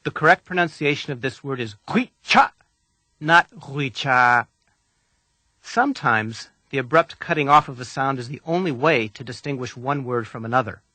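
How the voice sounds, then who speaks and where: Male instructor, scripted lesson read, patient and deliberate, bright tone, dry booth sound. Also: mid-range voice, no room sound. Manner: calm, deliberate, patient coaching. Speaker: language instructor.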